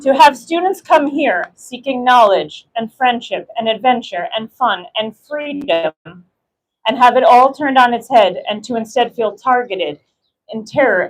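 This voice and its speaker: A woman's voice: a little high, low-quality recording. An American woman giving an impassioned rally speech, emphatic and building through repetition. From United States. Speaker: rally speaker.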